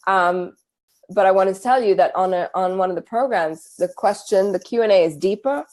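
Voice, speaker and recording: A woman's voice: mid-range voice, normal speed, a little mellow. A woman from England with a British accent, hosting a live Q&A stream and reading out viewer comments with enthusiasm. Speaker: host.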